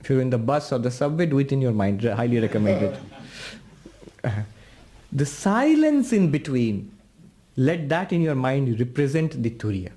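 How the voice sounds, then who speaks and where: A man, a monk, giving a spiritual lecture, patiently guiding listeners through a meditation and drawing out the chanted syllables slowly. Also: mid-range voice, sing-song, mellow.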